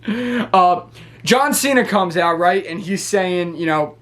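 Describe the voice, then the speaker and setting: Brief: high-pitched male wrestling reviewer, excitable, rambling casual recap. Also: slow pace. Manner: excitable, rambling with many restarts.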